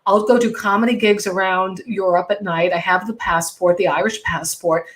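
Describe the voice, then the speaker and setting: A middle-aged woman comedian hosting a casual chat show, talking in a chatty, animated, self-mocking way. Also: medium pitch, normal speed. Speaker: podcast host and comedian.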